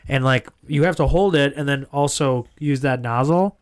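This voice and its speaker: A man's voice: medium pitch, normal speed. A young man co-hosting a podcast, rambling casually with lots of fillers and swearing. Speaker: podcast co-host. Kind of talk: casual chat.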